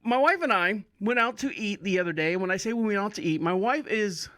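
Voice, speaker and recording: A man with a Florida accent, pitched notably high for a man, talks through a casual solo podcast. His delivery is chatty and upbeat, full of rambling asides and little chuckles. The sound is close and dry, with no room around it. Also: animated, a little fast, fairly bright tone, no echo. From Orlando, Florida. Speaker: podcast host.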